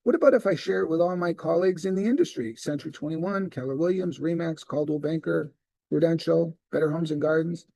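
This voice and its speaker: Gravelly and on the high side, a middle-aged man's voice moves a little quickly as he leads a sales training talk for real estate. He narrates stories vividly and acts out their dialogue, recorded with no room sound.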